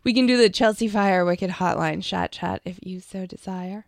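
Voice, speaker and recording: A woman co-hosting a casual radio talk show, chatty with vocal fry and frequent laughter. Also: mid-range voice, moderate pace, noisy background. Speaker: radio co-host.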